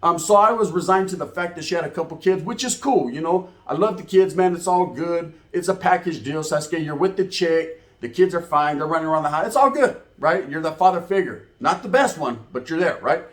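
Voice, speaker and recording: A man telling a profane, slang-heavy street story in a comedic, animated way. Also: on the high side, a little fast, few pauses.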